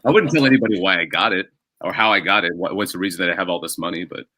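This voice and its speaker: A man speaks as a stand-up comedian on a casual podcast. His voice sits low but cuts through with a bright, forceful edge. He rambles and pokes fun at himself. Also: racing, no echo. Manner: rambling self-deprecating storytelling. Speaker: guest comedian.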